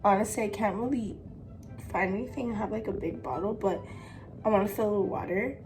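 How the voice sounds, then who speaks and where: A woman's voice: medium pitch, brisk, darkish tone. A young woman chatting casually to her camera as a vlogger, giggly and full of fillers, with a stuffy nose from allergies. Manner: giggly, talks with lots of fillers. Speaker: vlogger pranking her boyfriend.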